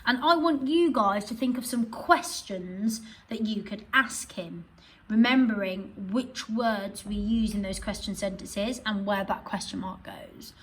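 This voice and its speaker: Expressive husky-voiced woman teacher. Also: mid-range voice, a little slow, low-quality recording. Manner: expressive, reads examples aloud with emphasis. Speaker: primary school teacher. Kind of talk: online grammar lesson for children.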